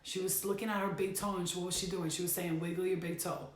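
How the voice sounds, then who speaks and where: A woman's voice: on the low side, fairly even intonation, fast, echoey room. A woman giving a casual spiritual reading at home, talking bluntly and emphatically and swearing now and then. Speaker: tarot reader. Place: bedroom at home.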